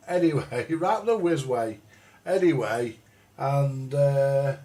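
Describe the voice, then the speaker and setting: A man's voice: a little high, a little mellow. A middle-aged man, ranting and rambling bluntly on a live stream, full of swearing. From England. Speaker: livestream host. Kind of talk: casual ranting chat. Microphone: live stream microphone.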